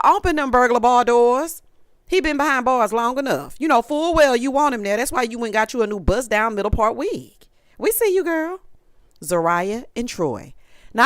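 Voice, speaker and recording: A woman's voice: on the high side, fairly bright tone, dry recording, studio quality. A young adult woman giving a sassy, casual recap of a reality show, talking straight to her viewers. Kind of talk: casual commentary.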